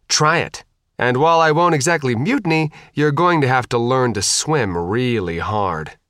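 A man's voice: mid-range voice, normal speed, a bit bright, no echo, clean studio sound, pitched above the performer's own voice, lightly acted. A man reading the part of a sulky, sarcastic teenage girl. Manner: snappy and sarcastic.

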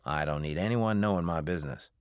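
A man playing an evasive, brisk family man. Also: deep voice, clear, resonant tone, no echo, studio quality, natural voice.

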